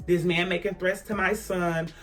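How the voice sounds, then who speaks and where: A woman vlogger telling a personal story in a casual storytime, emphatic and animated, talking straight to her viewers. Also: lowish voice, moderate pace, soft background music.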